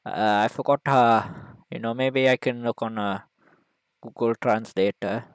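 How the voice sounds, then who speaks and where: A man giving a mock lecture in a video, rambling and hesitant, full of fillers, deadpan, with broken grammar. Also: medium pitch, measured pace, no echo, low-quality recording. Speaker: video maker.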